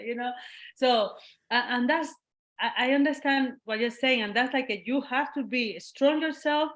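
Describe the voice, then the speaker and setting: Slightly high-voiced, this Cuban guest artist talks with a Cuban Spanish accent during a casual interview conversation. She's lively, laughs frequently and performs the voices of those she quotes.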